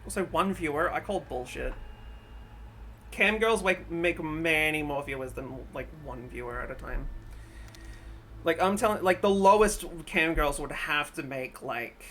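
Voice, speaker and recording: A woman's voice: sits low, measured pace, a bit bright, a little hiss or hum. A woman streamer reacting casually to videos, blunt and profane, who often laughs and exclaims. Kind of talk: casual live-stream commentary.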